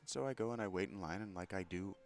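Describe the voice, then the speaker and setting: Low-voiced and fast-talking, this vlogger tells a heated, profane story about a confrontation. He sounds aggrieved, and his anger builds as the retelling goes on.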